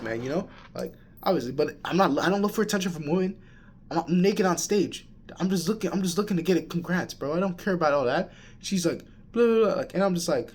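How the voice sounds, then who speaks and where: A young man in college talking casually to camera, rambling with restarts and calling the listener "bro.". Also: on the high side. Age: young adult. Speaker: college student. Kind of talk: casual vlog rant.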